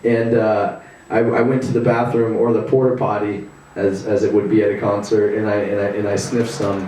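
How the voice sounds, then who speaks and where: A male comedian doing a stand-up set at a house party, rambling with lots of fillers and halting restarts. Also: on the low side, little pitch movement, a little mellow. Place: living room at a house party. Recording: echoey room from far off.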